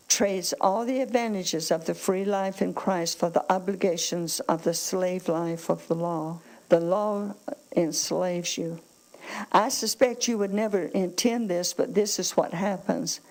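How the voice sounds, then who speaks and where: Preaching to a congregation, a woman asks for amens and reads scripture aloud with emphasis. Her voice is medium in pitch and a little mellow, and the recording is rough.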